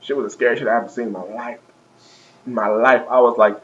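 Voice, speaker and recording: A man's voice: mid-range voice, fairly even intonation, quick pace, dull audio, a little hiss or hum. A young man vlogging a comedic rant, profane and exaggerated, laughing at his own jokes.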